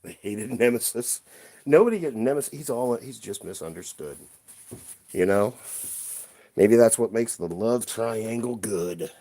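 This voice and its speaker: Live-stream host, male, playful and chatty with viewers; unhurried delivery with a very lively pitch. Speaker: livestream host. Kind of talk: casual live-stream chat while cleaning toys. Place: room at home by a toy shelf.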